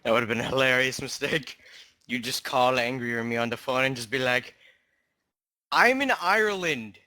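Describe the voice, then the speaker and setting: Male co-host, bright and lively, teasing banter on a dry close mic. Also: medium pitch, fairly quick, no echo. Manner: teasing and laughing. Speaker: podcast co-host. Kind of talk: casual chat.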